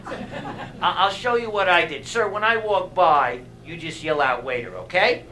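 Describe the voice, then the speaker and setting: A middle-aged male stand-up comedian who tells jokes on stage in a wry, deadpan way, leaving long pauses for laughs. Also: high voice, faint music behind, rough recording. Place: theater stage.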